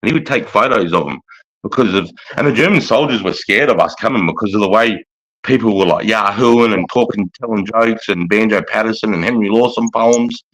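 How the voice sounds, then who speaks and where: A man's voice: fairly low pitch, a little fast, fairly bright tone, low-quality recording. An Australian man in casual chat, swearing freely and calling his friend mate and bro. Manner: blokey, swears a lot, calls listener mate and bro. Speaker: podcast co-host.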